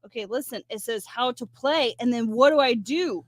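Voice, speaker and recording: A woman's voice: a little high, normal speed, no room sound, studio quality. A woman co-hosting a morning radio show, chatty and playful, joking at her own expense. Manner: playful, self-deprecating, chatty. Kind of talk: casual radio banter.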